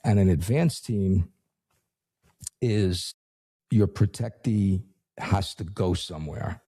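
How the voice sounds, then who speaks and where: Brief: fifties ex-cop telling stories, very deep, dark and husky. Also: male voice, slow. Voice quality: gravelly low voice. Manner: wry, anecdotal delivery. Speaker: former law enforcement officer. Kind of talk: storytelling interview.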